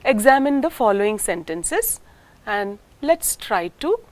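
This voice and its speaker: A woman lecturer with an Indian English accent, explaining step by step in a slow, deliberate recorded lesson. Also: medium pitch, big pitch swings.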